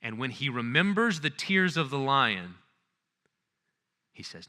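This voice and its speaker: A man lecturing at a conference, retelling stories earnestly and checking in with the audience. His voice has a bright, sharp, forceful tone. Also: medium pitch, very animated, unhurried, long pauses, long reverb tail. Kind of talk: lecture on literature and faith.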